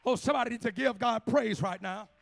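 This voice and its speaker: A man preaching in a church, shouting in a rhythmic, chanted style with a huffing "uh" at the start of each phrase. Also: very high-pitched, fast talker, no echo. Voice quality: raspy, gravelly voice. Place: church sanctuary.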